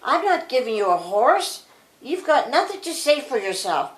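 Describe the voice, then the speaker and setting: A woman's voice: high voice, very animated, normal speed, a little hiss or hum, pitched above the performer's own voice. An older woman reading aloud, voicing a stern, dismissive old father who scolds. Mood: scolding. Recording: roomy echo.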